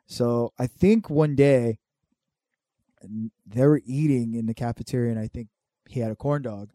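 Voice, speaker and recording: A man in his thirties rambles through loose, profane stories packed with fillers. His voice is mellow and dark, recorded close and dry with no room sound. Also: medium pitch, normal speed, no echo. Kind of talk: casual chat.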